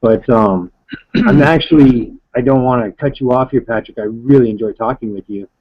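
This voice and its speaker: Casting note: male host, casual and halting, mid pitch, dull lo-fi audio. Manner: hesitant, halting speech. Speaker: father and stream host. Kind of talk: casual chat. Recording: dull lo-fi sound.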